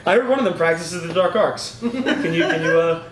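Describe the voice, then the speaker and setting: A man's voice: a little high, fairly quick. A man co-hosting a casual podcast, reading listener emails aloud and joking with frequent laughter. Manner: laughs often, joking banter. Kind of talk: casual chat. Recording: echoey room with crowd noise.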